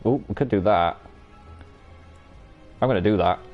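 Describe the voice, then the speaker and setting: A man's voice: lowish voice, normal speed, highs cut off, faint music behind. A man streaming a card game live, commenting on his plays and bantering with viewers while cursing freely. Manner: banter-filled, swears freely, teases chat.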